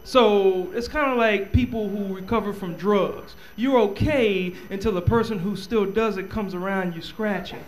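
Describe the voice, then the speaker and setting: A man doing a live stand-up comedy set, telling stories with a stutter and an animated delivery on a club stage. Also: high-pitched, normal speed, hardly any pauses, a little hiss or hum.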